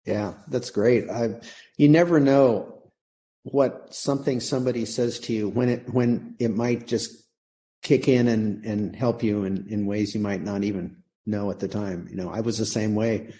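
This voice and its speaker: An older man, a retired orchestral trombonist, speaking as a podcast guest in a calm, measured and thoughtful way. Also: on the low side. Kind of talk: reflective podcast conversation.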